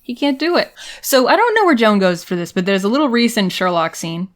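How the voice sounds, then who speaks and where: A woman's voice: mid-range voice, very animated. A woman co-hosting a comedy podcast, casually recapping a TV episode in a chatty, playful way and briefly acting out the characters. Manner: chatty, playful, acts out characters in quick bursts. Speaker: podcast co-host.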